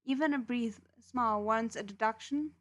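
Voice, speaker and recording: A woman reading the lines of a strict system voice that announces rule violations and point deductions in a flat, announcing tone. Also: fairly high pitch, moderate pace, no room sound, muffled recording, close to an everyday voice. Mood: stern. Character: stern rule-enforcing system voice, genderless machine.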